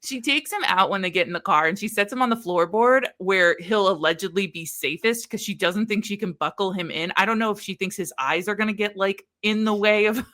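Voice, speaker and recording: A woman hosts a casual book podcast and walks through a story's plot. She has a bright, forward tone and keeps the recap lively with quick, chatty asides. Her pitch sits in an ordinary middle range. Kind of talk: casual chat.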